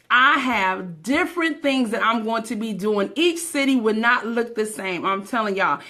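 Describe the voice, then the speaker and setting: A woman hosting a live stream, greeting viewers by name in an energetic, hyped-up way. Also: on the high side, vocal fry. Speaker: host of a live-streamed motivational show. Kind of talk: live-stream hype talk.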